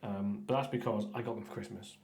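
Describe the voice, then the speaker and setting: A man chatting casually while painting miniatures on a stream, rambling with stumbling restarts and often trailing off quietly. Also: fairly low pitch, steady tone, brisk, reverberant, slight background noise. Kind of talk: casual painting livestream chat.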